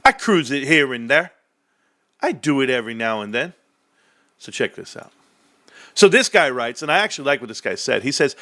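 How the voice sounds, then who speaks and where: Brash streamer guy ranting, bright sharp voice, trash talk n laughs. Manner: brash trash-talking, swings between hyped and low muttering; laughs often, does mock voices. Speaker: stock streamer. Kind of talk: casual livestream rant.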